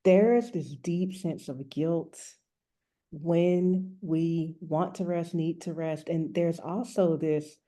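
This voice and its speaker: A woman's voice: lowish voice, fairly even intonation, takes it slowly, dark tone. A woman who works as a rest coach and author, frankly and earnestly telling a personal story as an interview guest.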